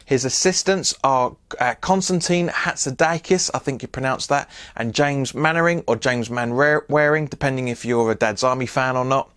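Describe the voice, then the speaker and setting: A man hosting his own football preview vlog, chatting casually with frequent restarts and asides. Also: medium pitch. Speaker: football channel host.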